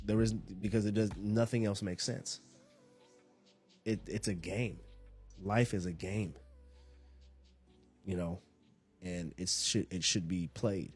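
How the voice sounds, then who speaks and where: A man with a fairly low voice talks through a loose motivational monologue on his podcast. He rambles in a laid-back way, circling back and restarting his phrases as he thinks. Faint music plays underneath. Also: steady tone, slow pace, pauses often, darkish tone, slightly rough. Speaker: podcast host.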